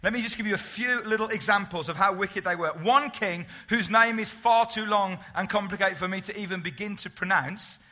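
Casting: man preaching, high and very bright voice, emphatic, keeps firing questions at the room. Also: a little fast, few pauses. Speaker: pastor. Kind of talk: sermon.

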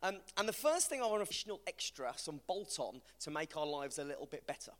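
A man's voice: a little high, big pitch swings, quick pace, a bit bright. West Midlands man preaching in a hall. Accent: West Midlands English. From West Midlands, England. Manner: chatty, storytelling, self-deprecating humour. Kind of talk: evangelistic talk to a live audience. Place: large hall with an audience. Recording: hall reverb from a live event.

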